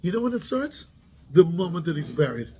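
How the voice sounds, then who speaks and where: A man's voice: a little high, big pitch swings, brisk, a little mellow, breathy edge. A man, a rabbi giving a Torah class who keeps asking his students questions and mixes Hebrew terms into his English.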